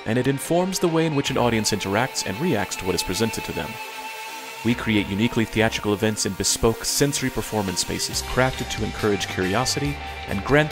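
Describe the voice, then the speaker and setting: A man hosting a podcast, reading a formal scripted introduction in a measured way. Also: on the low side. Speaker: podcast host. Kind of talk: scripted podcast intro, then casual chat. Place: Cairo, Egypt.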